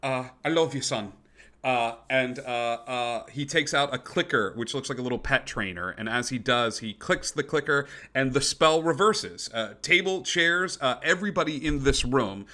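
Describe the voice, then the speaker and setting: A man running a tabletop game as game master, narrating in a halting way with many pauses. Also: medium pitch, bright, forceful tone.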